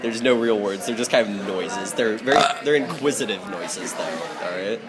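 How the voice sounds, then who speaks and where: A man's voice: fairly low pitch, normal speed, crowd noise. A man narrating as game master in a loose, casual way, laughing often.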